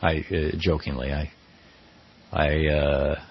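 A man's voice: rumbling low, level tone, slow pace, slightly rough, muffled recording. A middle-aged man hosting a radio talk show, giving wry, conversational commentary on the news. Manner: wry, conversational, quotes people in mock voices.

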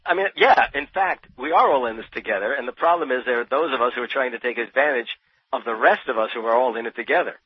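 In a slightly rough, mid-range voice, a New Jersey man talks fast as a radio interview guest. He's an expert on Thomas Paine who speaks passionately and emphatically, frequently repeating words as he builds a point. The sound is dull, dry and lo-fi, like radio.

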